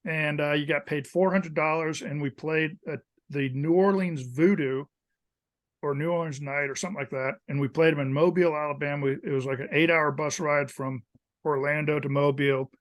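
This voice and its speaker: His voice is slightly high and his delivery fairly quick. A fifties-aged ex-college kicker, he guests on a podcast with easygoing anecdotes, animatedly acting out the coaches whose words he repeats.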